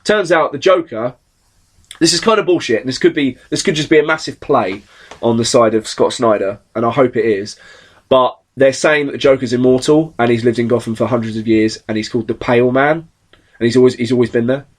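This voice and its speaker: Man, podcast host, casual chat, animated, swears a lot, acts out quotes. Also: medium pitch, a little fast. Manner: animated, swears often, acts out characters' lines. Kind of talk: casual comic book chat.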